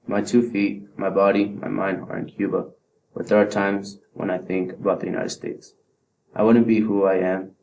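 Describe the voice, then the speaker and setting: A man delivering a first-person monologue in a halting way, often stopping to restart or correct a word. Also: deep voice, flat delivery, gravelly, darkish tone. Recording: distant mic, faint ambient noise.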